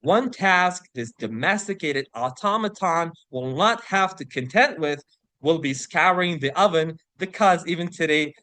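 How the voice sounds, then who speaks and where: A man teaching an English vocabulary lesson, who explains words, reads example sentences aloud slowly and keeps checking in with "right?". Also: on the high side, fairly bright tone, dry recording. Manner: slows to read example sentences and passages aloud.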